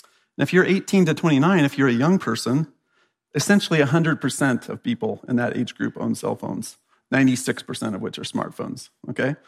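American guy preaching casual-style, mid pitch, keeps asking the crowd "right?". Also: brisk, creaky, breathy edge. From United States. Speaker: church speaker. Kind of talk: conversational sermon.

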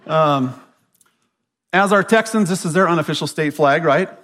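A man's voice: a little high, normal speed, fairly bright tone. An American man speaking to a church crowd in a conversational sermon, often checking in with the audience with "right?". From United States. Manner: chatty, keeps asking the audience "right?".

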